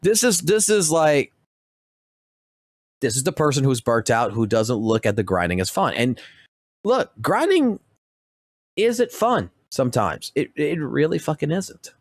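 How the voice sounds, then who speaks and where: A man with a slightly high voice rants about games in heated, swear-laden casual commentary. He talks close to his microphone in a dry, dead room. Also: big pitch swings, measured pace, long pauses, no room sound. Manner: profane, heated ranting. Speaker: gaming streamer.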